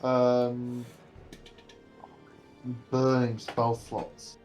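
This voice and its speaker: A man's voice: mid-range voice, completely flat delivery, drawn-out words, a little mellow, soft background music. A man casually playing a tabletop game, hesitant and thinking aloud. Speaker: player.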